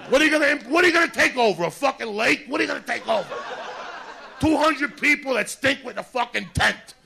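A male comedian doing a loud, mocking stand-up rant, swearing constantly. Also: extremely high pitch, expressive, fast, gravelly.

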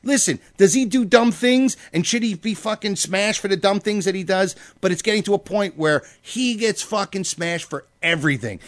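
A man ranting about sports on a podcast, heated and full of profanity. His voice sits a bit high for a man and sounds dry and close. He keeps pushing his point hard. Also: dry recording. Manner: ranting, heated, swears a lot. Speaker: podcast co-host. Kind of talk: casual profane chat.

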